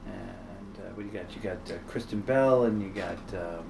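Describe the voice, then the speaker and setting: A man's voice: low voice, moderate pace, gravelly, recorded from a distance, background noise. A man in his forties answering with many fillers and dry jokes in a casual interview. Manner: hesitant, many fillers, joking. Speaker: interviewee, actor.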